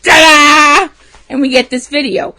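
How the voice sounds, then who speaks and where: A woman's voice: sits high, expressive, a little slow, a bit bright. A woman co-hosting a casual talk show, telling a story with lots of laughs and animation. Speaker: podcast co-host. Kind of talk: casual chat.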